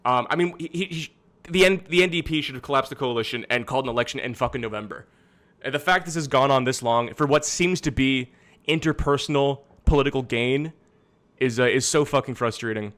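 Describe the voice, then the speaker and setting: A man rambles through casual livestream commentary in his studio. His talk is exasperated and full of swearing and restarts, and his voice sits at an ordinary middle pitch. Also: brisk, fairly bright tone. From Canada. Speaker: streamer host.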